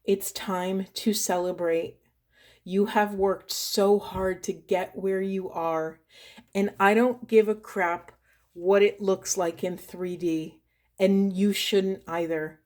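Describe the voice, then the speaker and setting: Soft-spoken, earnest woman reading cards. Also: mid-range voice, fairly even intonation, slow pace. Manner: soft, earnest and heartfelt, gets tearful. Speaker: spiritual coach and oracle card reader. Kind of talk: tarot card reading to camera.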